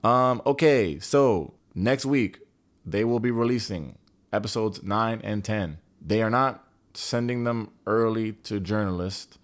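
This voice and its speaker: A man with a fairly low voice recaps reality TV in a loose, casual way. He is sarcastic and profane, throwing in joking asides to his viewers. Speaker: TV recap host.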